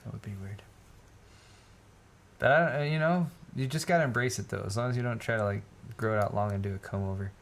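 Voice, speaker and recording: A man hosting a casual livestream chat, easygoing and quick to laugh as he reads out viewer messages. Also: lowish voice, gravelly, a little hiss or hum. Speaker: host.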